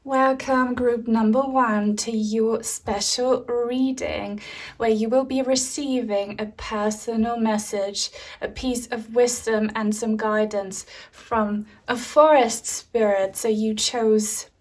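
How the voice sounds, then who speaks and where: A woman with a German accent, speaking in a calm, soothing way as she hosts a pick-a-card tarot reading, with frequent ums. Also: a little high, takes it slowly. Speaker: tarot reader.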